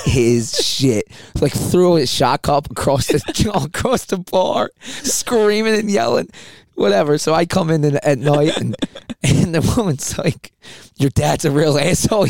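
A man's voice: on the high side, a little slow, creaky, a little mellow, no echo. Dry-voiced man laughing through stories. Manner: laughs through his own stories, rambling restarts. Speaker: podcast co-host. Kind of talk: casual storytelling chat.

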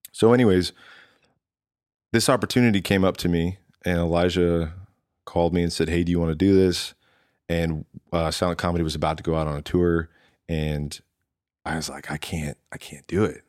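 A man with a low, steady, darkish voice speaks at a moderate pace; he's a drummer appearing as a guest in a casual conversation. He tells a rambling story, acting out what people said to him and restarting the quoted lines, in a dry, clean studio recording.

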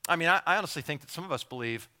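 A man preaching a sermon in a conversational way, repeating words as he goes and acting out quick asides. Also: a little high, lively intonation, bright, forceful tone. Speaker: pastor.

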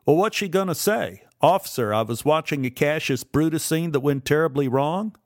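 A man voicing a cocky young male college actor who shouts and taunts with menace, his pitch pushed well up. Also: normal speed, dry recording, clean studio sound, lightly acted.

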